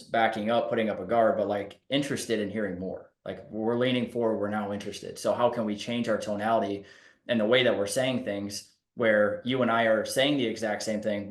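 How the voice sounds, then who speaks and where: A man's voice: on the low side, steady tone, fairly quick, reverberant. A man who works as a real estate agent, talking in a podcast conversation in a laid-back way and explaining by acting out examples.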